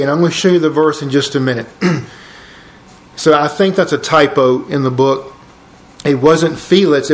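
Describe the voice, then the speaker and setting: A man leads a Bible study lesson with a somewhat high voice and a lively, conversational delivery. He mixes explanation with casual, joking asides. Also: echoey room. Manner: animated, conversational, jokey asides.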